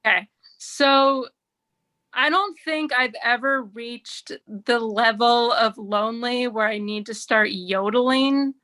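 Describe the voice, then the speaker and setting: A woman doing a stand-up set at an online open mic. Her voice is bright and a little high, and she talks in a wry, chatty way full of "like"s. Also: slow. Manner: wry, chatty delivery with many "like"s. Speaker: stand-up comedian. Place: remote open mic over video stream.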